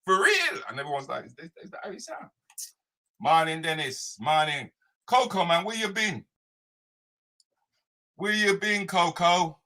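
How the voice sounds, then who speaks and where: Man, live show host, lively swinging pitch, bright. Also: normal speed. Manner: animated, playful, repetitive banter. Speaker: comedian hosting a live morning show. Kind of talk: live morning chat show, reading viewer comments.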